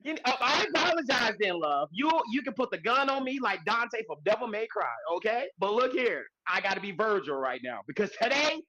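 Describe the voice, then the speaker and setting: A man co-hosting a podcast in casual chat, talking loud and hyped, with slangy, profane banter and shouted intros. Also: sits high, very animated, fairly quick, hardly any pauses, dry recording, low-quality recording. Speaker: podcast co-host.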